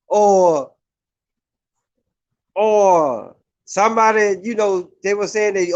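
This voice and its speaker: A man's voice: sits high, unhurried, long pauses, muffled recording. A man vlogging a heated, profane opinion rant, repeating himself and asking "right?" to the viewers.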